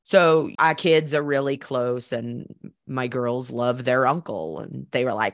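A woman's voice: extremely low pitch, takes it slowly, dry recording, clean studio sound. A woman hosting a personal storytelling podcast, candid and conversational with some casual swearing, turning reflective and earnest as she draws lessons. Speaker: podcast host.

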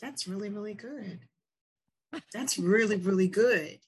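A woman's voice: mid-range voice, unhurried, slightly rough. A woman hosting a casual podcast interview, affirming her guest and repeating her praise. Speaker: podcast host.

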